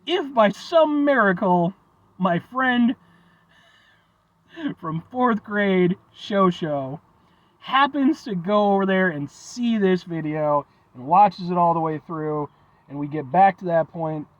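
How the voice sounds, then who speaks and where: Rambling man with a lively high voice. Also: takes it slowly, long pauses, no room sound, muffled recording. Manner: rambling, folksy, swears casually. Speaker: food reviewer. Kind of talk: casual chat.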